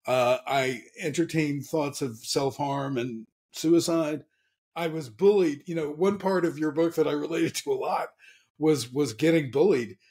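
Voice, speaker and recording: Candid, slightly high-voiced male guest. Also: measured pace, a little mellow. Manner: candid, earnest, many restarts. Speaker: guest author. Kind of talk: casual interview chat.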